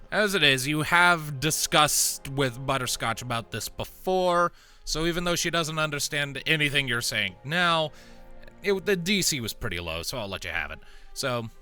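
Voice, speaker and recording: Man, dungeon master, tabletop game narration, relaxed, bright voice, faint music behind. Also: mid-range voice. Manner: relaxed, rambling, laughs between descriptions.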